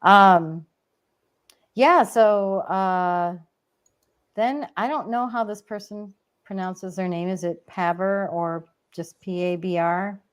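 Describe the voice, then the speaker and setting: A woman's voice: medium pitch, takes it slowly, clear, resonant tone. A woman co-hosting a casual online chat, telling personal stories and reading viewer comments, getting emotional and laughing often. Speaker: co-host.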